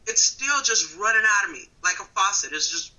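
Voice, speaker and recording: Wisconsin woman in her thirties, comic storyteller, animated and giggly, wide pitch swings. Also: fairly quick, low-quality recording. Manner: animated, laughing often, swings between loud and quiet. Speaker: comedian guest. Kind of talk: casual storytelling on a phone call. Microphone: phone call.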